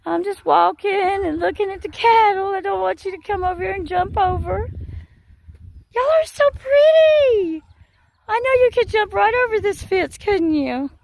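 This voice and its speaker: A woman's voice: very high voice, moderate pace, gravelly, hardly any pauses, a little mellow. A woman, walking along a cattle fence outdoors and calling to the cows in a coaxing, sing-song way. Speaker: vlogger. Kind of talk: casual vlog, talking to cattle.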